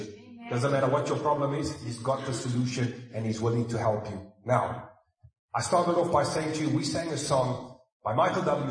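A man preaching a sermon in a church, conversational and mixing in humorous asides. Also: mid-range voice. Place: church hall. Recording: echoey hall, mic far off.

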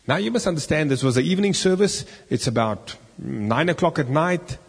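A man preaching a sermon as an animated story, now and then rising loud for the key lines. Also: on the high side, brisk, breathy edge. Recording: long reverb in a hall.

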